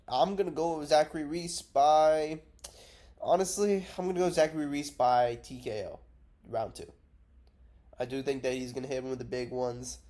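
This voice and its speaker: A man's voice: mid-range voice, mellow. A man giving casual, rambling fight predictions, blunt and profane, unwell and drowsy from cough syrup. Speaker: MMA predictions vlogger. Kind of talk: casual unscripted commentary.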